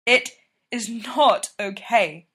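A woman's voice: on the high side, very slow, fairly bright tone, breathy edge, heavily acted. A woman voicing a young male hockey player who protests with earnest, emphatic agitation. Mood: agitated.

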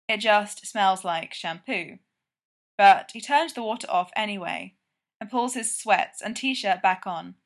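A woman reads a story aloud in an easy, conversational way, as if telling it to a friend. Her voice sits at a middle pitch for a woman. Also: a bit bright. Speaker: reader. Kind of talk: fan fiction read aloud.

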